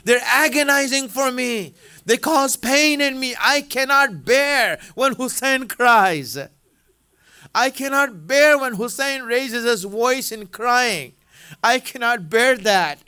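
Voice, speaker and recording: A man voicing a grieving figure who pleads at a doorway, slow and anguished, within a sermon. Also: extremely high pitch, pushed and bright, clean tone, voice pushed up.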